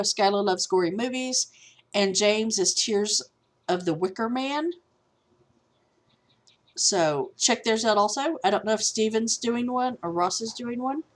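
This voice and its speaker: A woman, chatting casually at home in a video blog, candid and easily sidetracked. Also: fairly high pitch. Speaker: vlogger. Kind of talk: casual chat. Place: at home with a cat.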